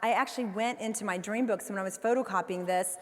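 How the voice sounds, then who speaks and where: A woman in her forties giving a motivational keynote speech, telling a personal story with animated delivery and acting out her own inner voice. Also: mid-range voice, quick pace. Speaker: keynote speaker. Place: large convention hall. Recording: long hall reverb from the PA.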